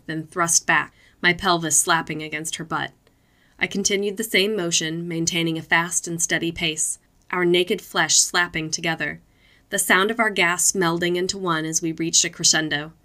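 A woman narrates adult fiction aloud in an even, unhurried way. Her voice sits on the low side yet sounds bright and tense at the edges. The reading stays steady and measured throughout.

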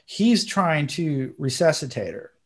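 A man's voice: a little high, sing-song, unhurried. A man hosting a podcast, telling a story in a casual, earnest and emotional way, dropping slang like bro and dude. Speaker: podcast host.

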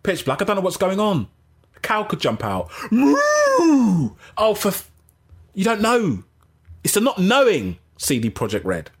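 Husky, animated male gaming streamer. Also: high voice, moderate pace. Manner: rambling, animated, self-interrupting. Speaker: gaming channel host. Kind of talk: casual livestream chat.

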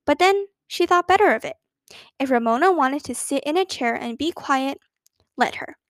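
A woman reading a children's book aloud in a gentle, expressive way. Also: sits high, normal speed, no echo. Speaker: storyteller.

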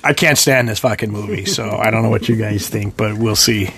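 A man's voice: on the low side, fairly even intonation, brisk, creaky, a crowd in the background. A man co-hosting a casual movie podcast, laid-back and joking. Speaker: podcast co-host.

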